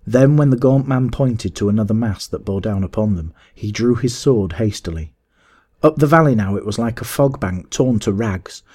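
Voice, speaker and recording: A man narrating a classic adventure story in a measured, steady audiobook reading. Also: fairly low pitch, slightly rough.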